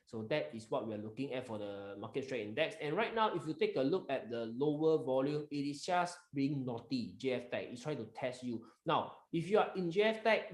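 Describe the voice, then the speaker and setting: A man's voice: medium pitch, reverberant. A man with a Malaysian accent hosting a live stock market webinar, talking emphatically and coaxing his members, mixing in local slang.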